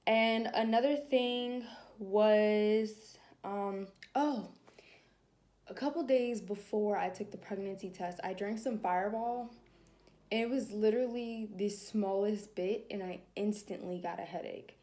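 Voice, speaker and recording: A young woman telling a personal story to camera in a casual vlog, animated and laughing as she acts out her own thoughts. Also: mid-range voice, a little slow. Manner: animated, laughing, acting out her inner dialogue. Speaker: vlogger.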